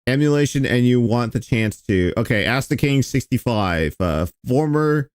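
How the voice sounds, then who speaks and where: A man's voice: mid-range voice, lively intonation, normal speed, clear, resonant tone, no echo, studio quality. A man streaming, reacting to an old video in a casual, sarcastic and profane way.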